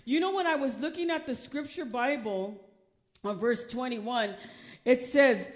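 A woman's voice: on the high side, measured pace. An older woman preaching a fervent sermon. She reads scripture aloud, stumbles over some words, laughs often and drives her points home with emphasis.

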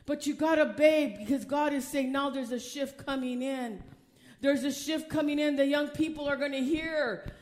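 A woman's voice: sits high, moderate pace, a little mellow. An older woman preaching a fervent sermon. She reads scripture aloud, stumbles over some words, laughs often and drives her points home with emphasis.

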